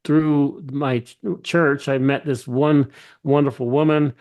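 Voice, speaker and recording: A man who runs a company, speaking as a podcast guest in a mid-pitched, ordinary voice. He tells his story with eager enthusiasm, often restarting his sentences. He acts out the dialogue of his anecdotes as he goes. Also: steady tone, slow, a little mellow. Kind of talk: casual interview storytelling.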